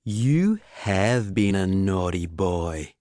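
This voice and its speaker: A man's voice: low voice, expressive, slow, a little mellow, no room sound, studio quality. A man doing Razia, a gleeful unhinged Australian killer. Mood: mocking. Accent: broad Australian. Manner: gleeful, taunting, drawn out. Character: cheerful unhinged woman killer with broad Australian accent.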